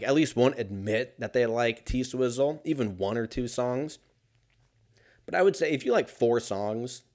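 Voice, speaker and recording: A man talking alone in a casual monologue as a podcast host, rambling and swearing and often laughing. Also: mid-range voice.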